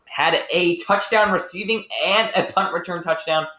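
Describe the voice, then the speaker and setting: Hyped podcast guy, sharp bright voice, jokey, roomy echo. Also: high voice. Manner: excitable, joking, quick to laugh. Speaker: sports podcast co-host. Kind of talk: casual sports analysis chat. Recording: echoey room.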